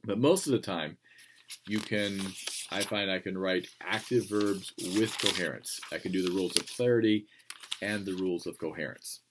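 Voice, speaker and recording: Man lecturing on writing, lowish voice, explanatory, frequent ums. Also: moderate pace, background noise. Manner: plain explanatory, many ums, reads passages aloud. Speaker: teacher.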